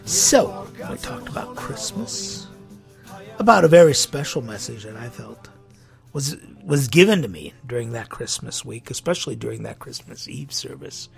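A man preaching a sermon as pastor, impassioned and full of rhetorical questions, swinging between loud appeals and hushed lines. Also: mid-range voice, very animated, normal speed, vocal fry, soft background music.

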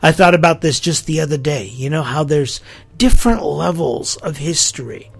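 Gravelly middle-aged man, podcast commentary. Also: on the high side, expressive, moderate pace, faint music behind. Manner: incredulous, rhetorical, acts out quotes. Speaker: podcast host. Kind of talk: opinion commentary monologue.

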